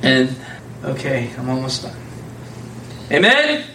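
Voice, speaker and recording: A man's voice: mid-range voice, slow, distant mic, background noise. Man preaching in an echoey room. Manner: conversational, animated, laughs often. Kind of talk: informal sermon to a small group.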